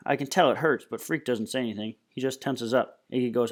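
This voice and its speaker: A man's voice: mid-range voice, brisk, hardly any pauses. Man reading a novel aloud. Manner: plain, steady storytelling. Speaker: reader.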